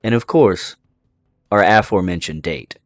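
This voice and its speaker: A man voicing a smooth, flirtatious male rogue who speaks in slow, theatrical flattery. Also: fairly low pitch, dry recording, close to an everyday voice. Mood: suave. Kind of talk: tabletop role-play voicing.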